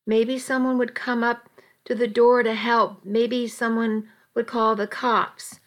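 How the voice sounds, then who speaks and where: Slow, dramatic woman storyteller. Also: fairly high pitch, level tone. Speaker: narrator. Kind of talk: first-person story narration.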